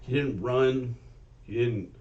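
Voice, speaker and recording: A man co-hosting a casual podcast, telling stories in an animated way and swearing freely. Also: medium pitch, slow pace, far from the mic, dull audio. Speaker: podcast co-host. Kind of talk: casual chat.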